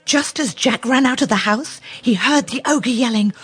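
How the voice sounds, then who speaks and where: A woman narrating a children's fairy tale in an expressive storytelling manner. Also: on the high side, normal speed, husky.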